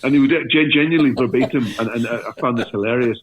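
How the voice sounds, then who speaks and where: A man's voice: medium pitch, fast. A Glaswegian man, an actor guest on a podcast, joking and swearing in casual chat. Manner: jokey, self-deprecating, lively storytelling with swearing. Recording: tinny, phone-like remote call line.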